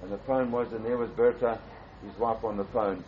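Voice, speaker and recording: An older man earnestly tells a personal story as a pastor, repeating and restarting phrases and rising in pitch for emphasis. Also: fairly even intonation, moderate pace. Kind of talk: storytelling testimony. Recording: dull, slightly muffled with faint background hiss.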